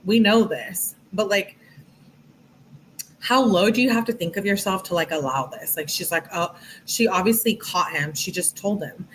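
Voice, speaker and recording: A woman's voice: medium pitch, normal speed, slight background noise, poor audio. A woman giving casual true crime commentary, reading text messages aloud and breaking off with chatty asides. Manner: chatty, reads texts aloud with frequent asides.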